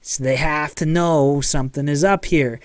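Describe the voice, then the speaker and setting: A man's voice: on the high side, fairly even intonation, moderate pace, clear, resonant tone, no room sound. Conversational preaching man, dry sound. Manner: conversational preaching with frequent "okay" and acted-out quotes. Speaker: pastor. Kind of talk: sermon. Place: church.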